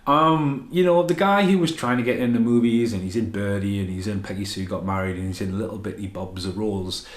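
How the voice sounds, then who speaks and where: A man rants through a film review in a loose, rambling way, swearing often and getting worked up as he goes. His voice sits a little low. The sound bounces around an echoey room. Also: a little fast. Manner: rambling, profane, excitable. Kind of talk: unscripted ranting film review.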